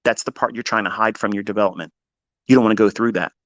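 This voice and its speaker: A man's voice: steady tone, fast talker, no room sound. Blunt, swearing male trading teacher. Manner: blunt, heavy swearing, emphatic repetition; swings between loud bursts and low asides. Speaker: trading educator. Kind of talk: profane motivational lecture.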